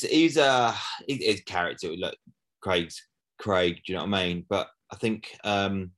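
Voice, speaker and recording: A middle-aged man, a former footballer, chatting casually as a guest and often asking "do you know what I mean". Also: fairly low pitch. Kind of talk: casual interview chat.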